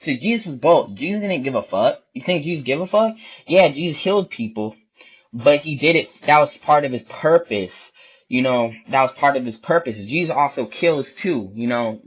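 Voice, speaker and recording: A man's voice: medium pitch, lively intonation, moderate pace, breathy edge. A man delivering a blunt, profane, repetitive ranting monologue about faith. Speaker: online video preacher. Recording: dull lo-fi recording.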